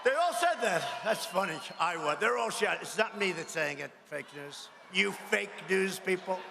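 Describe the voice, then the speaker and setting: A man's voice: high voice, animated, normal speed, gravelly, a loud crowd, heavy background noise. Older man with a combative rally voice. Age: 70s. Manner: combative, mocking, rambling asides. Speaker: politician addressing a rally. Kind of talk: rally speech. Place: large arena. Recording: echoey arena with long reverb.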